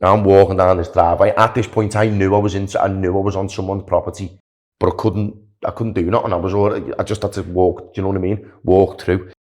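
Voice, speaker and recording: Low-voiced man telling a story. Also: fast talker. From Wales. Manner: animated, chatty, filler-heavy with "like" and "do you know what I mean". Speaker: podcast guest, long-distance walker. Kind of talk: casual storytelling.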